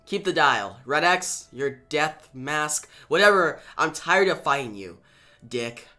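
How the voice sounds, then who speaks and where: A man reading the lines of a stern adult female superhero leader in a comic recap, sharp and impatient. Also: fairly high pitch, animated, slow pace, exaggerated voice. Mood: urgent.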